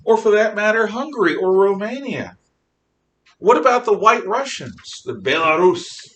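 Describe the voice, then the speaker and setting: A man giving a history lecture to a class, emphatic and animated, firing off rhetorical questions. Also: normal speed. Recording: roomy, distant mic with faint rumble.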